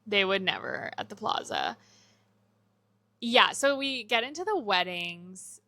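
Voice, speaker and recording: A woman's voice: mid-range voice, animated, measured pace, sharp tone, no echo. A young woman cohosting a movie podcast, chatting casually and acting out movie lines as she retells scenes. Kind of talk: casual chat.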